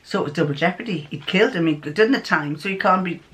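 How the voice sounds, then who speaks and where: A woman's voice: lowish voice, quick pace, fairly bright tone. An older woman chatting casually while opening a fabric advent calendar, rambling, losing her thread and laughing often. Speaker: sewing vlogger.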